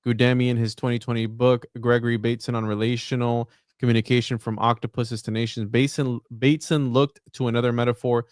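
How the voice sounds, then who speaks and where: A man with a smooth, mid-range voice reads an article aloud on a podcast, stumbling a little and tossing in wry asides. The sound is dry and close. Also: mid-range voice, level tone, darkish tone, no room sound. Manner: halting reading with wry asides. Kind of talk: casual chat, reading an article aloud.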